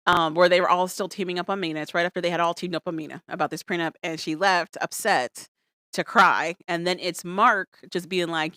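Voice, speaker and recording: A podcast co-host with a fairly low voice talks fairly quickly as she chats about reality shows. With animated energy, she acts out what people said in playful voices. The recording is clean studio sound with no echo.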